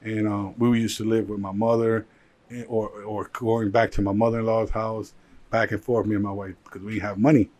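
A man with a low voice, a guest in a casual interview, recounting his rise in business. He tells it in an animated way, with lots of "like" fillers. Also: a little fast. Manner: animated storyteller with many "like" fillers. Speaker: guest, jeweler and entrepreneur.

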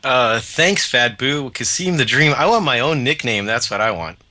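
A man interviewed as a radio guest, chairing a conference, brisk and self-deprecating as he lists his points. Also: mid-range voice, expressive, pushed and bright, slight background noise.

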